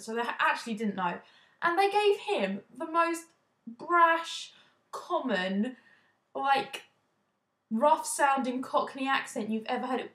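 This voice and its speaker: Young woman from the UK, fairly high voice, indignant casual rant, echoey room. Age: young adult. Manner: indignant, fast, restarts often. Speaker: vlogger. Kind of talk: opinion vlog, casual rant.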